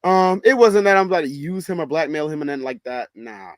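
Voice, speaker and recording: A man with a Southern US accent telling a story in a casual monologue, animated, sassy and full of profanity. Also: on the high side, fast, dry recording. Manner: animated, profane, sassy, calls listener "bitch" and "girl".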